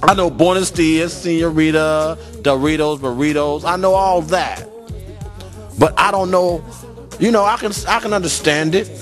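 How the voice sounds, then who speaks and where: A man's voice: a little high, moderate pace, fairly bright tone, faint music behind. A man in a street interview, ranting in an agitated, profane, repetitive way. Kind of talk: impassioned street rant.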